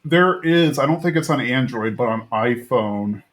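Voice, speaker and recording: Man in his thirties, podcast co-host, casual rambling recap, mid-pitched voice. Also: unhurried. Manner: rambling, animated retelling with filler words. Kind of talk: casual chat recapping a cartoon episode.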